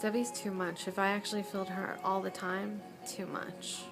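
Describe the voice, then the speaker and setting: A woman's voice: mid-range voice, level tone, moderate pace, music in the background, low-quality recording. A young woman with a stuffy nose, chatting casually in a daily vlog and baby-talking to her dog while she drives. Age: young adult. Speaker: vlogger. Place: in a car while driving. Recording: car noise in the background.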